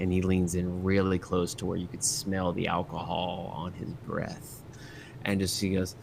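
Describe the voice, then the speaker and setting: A man's voice: low-pitched, flat delivery, moderate pace, gravelly, noisy background. A man narrating as game master in a casual, rambling way, full of fillers.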